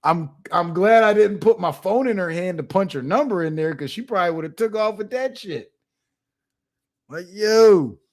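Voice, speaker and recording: A young adult man hosting his channel, telling a funny story in a casual monologue, animated and profane, with laughs. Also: high voice, moderate pace. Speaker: channel host.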